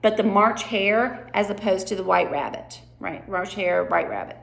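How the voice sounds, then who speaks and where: A woman's voice: mid-range voice, moderate pace, vocal fry. A woman coaching a sign language play rehearsal. She is chatty and instructive, reading lines and then explaining them. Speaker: sign language drama teacher.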